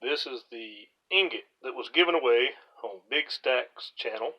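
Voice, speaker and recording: A man of middle pitch talks casually to his camera, still a little out of breath from working. He rambles with plenty of fillers and restarts, recorded inside a boat cabin. The audio is a bit dull and lo-fi. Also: moderate pace, husky. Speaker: boat restorer and channel host. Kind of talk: casual vlog talk to camera.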